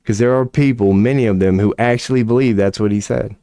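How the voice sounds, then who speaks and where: A man's voice: lowish voice, steady tone, brisk, dark tone, no echo, clean studio sound. A man streaming, giving casual ranting commentary, profane and incredulous, laughing often.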